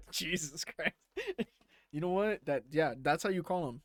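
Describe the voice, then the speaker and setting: A man live-streaming a game, talking in a loose, profane way with a slightly high voice. He laughs often and drops into quiet mutters while he plays. The sound is dry and close. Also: lively intonation, slow pace, no room sound. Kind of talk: casual live-stream chat while playing.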